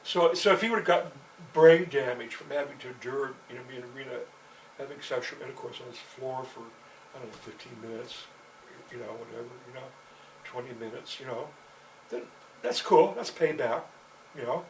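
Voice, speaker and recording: A man's voice: medium pitch, normal speed. A man telling a long personal story in a meandering, profane way, with constant "you know" fillers. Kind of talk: rambling personal storytelling monologue. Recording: distant mic with faint background noise.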